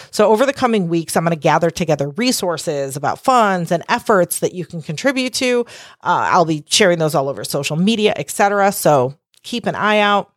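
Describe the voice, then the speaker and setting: A woman's voice: on the low side, no room sound, clean studio sound. A woman hosting her own podcast, talking casually and candidly on her own, swearing freely and rambling through asides. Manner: candid, profane, rambling with asides and acted-out quotes. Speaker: podcast host. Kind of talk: casual solo podcast monologue.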